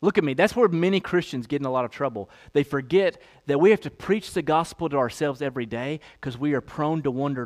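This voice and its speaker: Male pastor, 30s, sermon, fairly high voice, emphatic, repeats phrases, asks for amens, loud then hushed. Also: fast, hardly any pauses. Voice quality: swings from loud emphasis to low hush.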